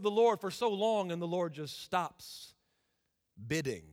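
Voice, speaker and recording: A man preaching a sermon as a guest preacher, impassioned and swinging from loud declarations to hushed, intimate asides. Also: sits high, expressive, a little slow. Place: church sanctuary. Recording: reverberant church hall.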